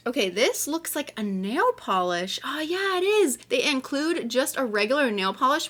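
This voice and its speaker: A woman hosting a nail unboxing vlog, gushing and excitable, talking casually with gasps and plenty of "like". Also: medium pitch. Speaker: nail vlogger.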